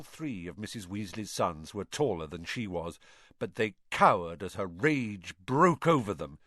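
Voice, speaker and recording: A man reading a novel aloud with expressive storytelling. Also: lowish voice, a little slow, no echo, studio quality. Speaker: narrator.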